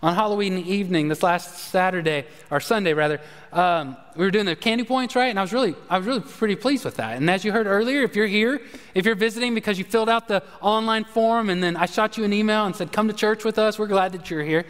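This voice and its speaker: A pastor preaching to his church in a high, light voice. He tells his story conversationally, then sinks low and quiet to drive points home. The sound rings with the long reverb of a large hall. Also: fast, smooth. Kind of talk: sermon. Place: church sanctuary.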